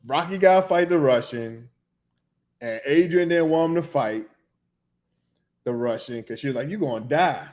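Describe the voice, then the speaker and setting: A middle-aged man hosting a podcast, telling a loose, animated story in casual slang, with laughs and restarts. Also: a little high, moderate pace, long pauses. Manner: animated, humming tunes and acting out reactions. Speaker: podcast host.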